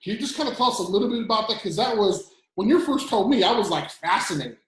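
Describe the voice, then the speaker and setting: A man's voice: high-pitched, animated, quick pace, reverberant, rough recording. A man hosting a podcast interview, asking curious questions in a casual way. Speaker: podcast host.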